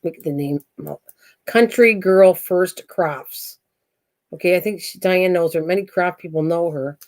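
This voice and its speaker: A woman's voice: on the low side, measured pace, a little mellow. An older woman hosting a craft channel on a live stream at home, chatting in a rambling, self-mocking way and laughing easily.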